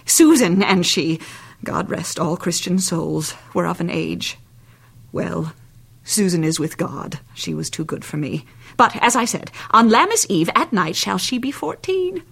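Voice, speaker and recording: A woman's voice: fairly low pitch, animated, unhurried, gravelly, husky, heavily acted. An actress playing a chattering, bawdy old female nurse who rambles on and laughs at her own jokes in a Shakespeare reading. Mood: rambling. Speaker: actor.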